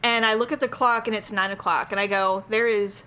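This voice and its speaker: A woman's voice: mid-range voice, brisk, clear, resonant tone. A woman co-hosting a podcast, telling a story in casual chat and acting out the voices of the people in it. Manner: animated, acts out voices in her stories. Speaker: podcast co-host.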